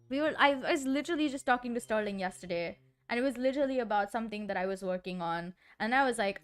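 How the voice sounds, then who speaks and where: A woman's voice: on the high side, animated, fast, a bit bright, soft background music. A woman streamer in casual chat, rambling with lots of "like" and frequent giggles. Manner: giggly, rambling, heavy use of filler "like".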